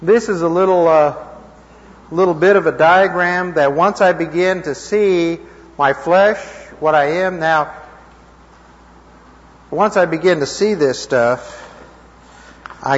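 A man giving an informal Bible teaching to a live group, conversational and checking in with his listeners, his voice a little hoarse. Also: on the high side, takes it slowly, long pauses. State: slightly hoarse. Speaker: preacher teaching a class. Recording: dull lo-fi recording in a reverberant hall.

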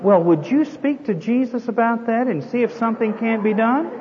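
A woman's voice: a little high, normal speed, noisy background, voice pushed up, lightly acted. Man doing a fretful, insistent wife in an echoey hall on a dull recording. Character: worried wife, pushy and fretful.

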